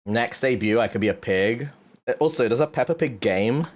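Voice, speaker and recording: A man streaming and chatting casually, animated, swearing often and laughing a lot. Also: medium pitch, normal speed. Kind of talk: casual chat.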